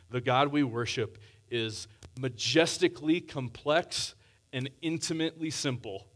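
A man's voice: mid-range voice, unhurried, fairly bright tone. A man as pastor preaching a sermon, earnest and conversational, reading scripture aloud between his own remarks.

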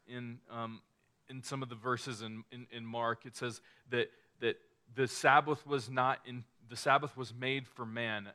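A man's voice: mid-range voice, sharp tone, clean tone. A man preaching a sermon in a casual, conversational way, often restarting phrases and acting out quoted lines.

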